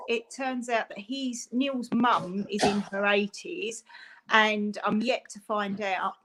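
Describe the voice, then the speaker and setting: A woman's voice: medium pitch, heavy background noise. A woman, a parent chatting on a video call, rambling with lots of fillers. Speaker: parent of a fundraiser. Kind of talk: casual chat on a video call.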